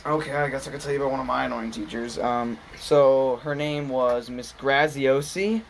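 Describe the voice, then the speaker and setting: A man's voice: medium pitch, moderate pace, gravelly, a little hiss or hum. A young man co-hosting a casual podcast, rambling through a story and mimicking people in a raised voice. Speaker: podcast co-host. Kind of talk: casual chat.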